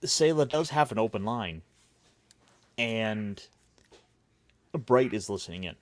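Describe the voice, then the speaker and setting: A man's voice: fairly low pitch, expressive, slow, no echo. A man hosting a casual roundtable chat, recapping with wry, mocking asides. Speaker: podcast host.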